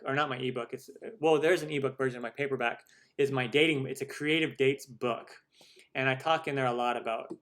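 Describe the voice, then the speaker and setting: A man's voice: medium pitch, fairly bright tone. A middle-aged man hosting a cooking live stream, chatting casually and rambling with many restarts as he answers viewer questions.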